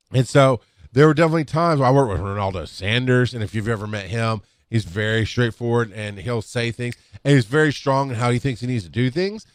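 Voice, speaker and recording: A man's voice: mid-range voice, no room sound, clean studio sound. Rambling man telling work stories. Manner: rambling, with restarts and acted-out quotes. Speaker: EMS instructor on a podcast. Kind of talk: casual storytelling talk. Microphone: podcast microphone.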